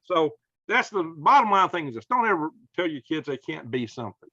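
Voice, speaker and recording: A man's voice: on the high side, sing-song, brisk, pushed and bright, no echo, dull audio. A man with a Southern American accent, hosting a casual conversation in a folksy, emphatic storytelling manner. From Southern United States. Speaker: podcast host.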